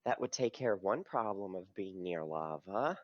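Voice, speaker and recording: A man's voice: low voice, animated, moderate pace, dry recording, highs cut off. A man playing in a tabletop game, casually describing what his character does. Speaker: player. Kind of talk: tabletop role-play.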